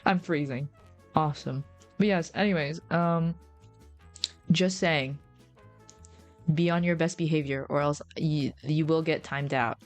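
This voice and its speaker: Low-voiced playful woman streamer. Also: steady tone, measured pace, pauses often, faint music behind. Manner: playful, rambling, giggly. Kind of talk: casual chat stream.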